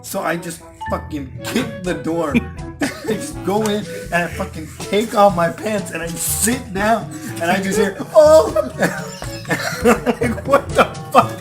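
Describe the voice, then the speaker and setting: A man's voice: high voice, slow, music in the background. Young man telling stories, laughing. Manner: laughs often, acts out loud exclamations in his stories. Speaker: channel host telling stories. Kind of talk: casual storytelling among friends.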